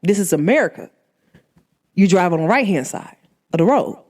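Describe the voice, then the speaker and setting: A woman hosting her own show, telling a story in an animated, emphatic way and punctuating it with sharp interjections. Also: fairly low pitch, moderate pace. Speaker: podcast host. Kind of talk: storytelling monologue.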